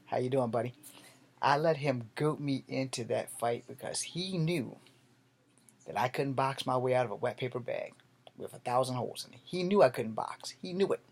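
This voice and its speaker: Profane, animated storytelling man. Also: medium pitch, moderate pace, gravelly. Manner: animated, profane, swings loud and soft. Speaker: martial arts vlogger. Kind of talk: storytelling vlog.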